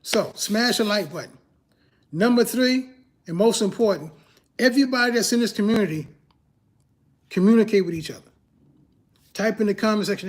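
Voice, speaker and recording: Casting: man with a high voice, emphatic livestream coach who hammers his points with repetition and rhetorical questions, casual slangy delivery. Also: animated, a little fast, long pauses. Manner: emphatic, repeats key phrases, fires rhetorical questions. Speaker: YouTube growth coach and host.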